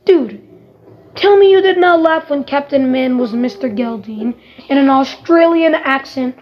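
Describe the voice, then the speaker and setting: Casual reviewer, woman, high-pitched, exasperated rant, dull lo-fi mic. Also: a little slow. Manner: exasperated, ranting, emphatic; swears casually. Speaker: TV episode reviewer. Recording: dull lo-fi recording.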